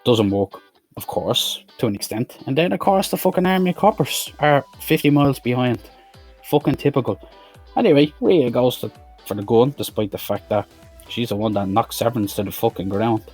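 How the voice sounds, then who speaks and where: Husky guy swearing his way through a movie review, faint music underneath. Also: mid-range voice, lively intonation, moderate pace, darkish tone. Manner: profane, blunt, exasperated. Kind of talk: casual film review rant.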